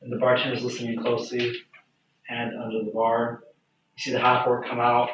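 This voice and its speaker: A man narrating a tabletop game as game master in a relaxed, casual way. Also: medium pitch, brisk, background noise. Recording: echoey, distant, dull room recording.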